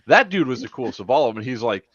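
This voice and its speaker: A man's voice: medium pitch, sing-song, rapid-fire, a bit bright, slightly rough, dry recording, highs cut off. A man hosting a podcast, telling a story in casual chat, profane and laughing as he goes. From Florida. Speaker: podcast host.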